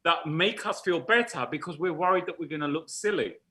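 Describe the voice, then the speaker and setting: A British man hosting a live-streamed panel, coaxing viewers through an exercise in an animated, jokey way. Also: on the high side, fairly quick. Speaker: host leading a group exercise.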